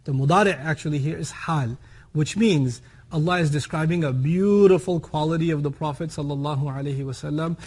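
A man's voice: a little high, brisk, darkish tone, husky. A man teaching a Quran lesson. He explains ideas by contrast and examples, adds humorous asides and keeps checking that listeners follow. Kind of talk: explanatory religious lecture.

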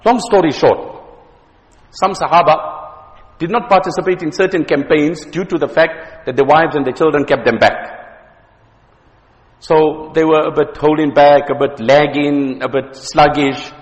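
A man's voice: fairly high pitch, steady tone, measured pace, in a large hall, rough recording. A South African man giving a religious lecture, telling stories and jokes and often repeating words as he goes. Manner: anecdotal, joking, with repeated words. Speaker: Islamic preacher.

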